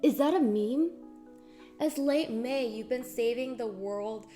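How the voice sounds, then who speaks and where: A woman's voice: on the high side, takes it slowly, dark tone. A woman streamer chatting casually with her viewers, bubbly and effusive, gasping and greeting people by name. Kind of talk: casual live-stream chat. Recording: music playing behind.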